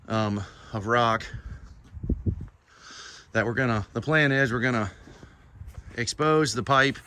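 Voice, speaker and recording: A man's voice: medium pitch, pushed and bright, a little hiss or hum. A man hosting his vlog, talking casually and rambling through his plans with plenty of fillers. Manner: rambling, with many fillers and restarts. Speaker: vlogger host.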